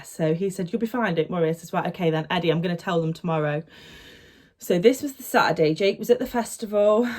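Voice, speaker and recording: A young woman telling a personal story to camera in a casual, chatty way. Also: fairly low pitch. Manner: chatty, animated retelling with acted-out quotes. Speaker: vlogger.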